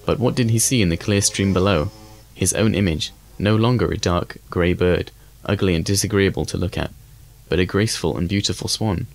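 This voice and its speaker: Deep-voiced man reading a fairy tale. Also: gravelly. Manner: measured, even reading. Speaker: audiobook reader. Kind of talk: scripted storybook narration.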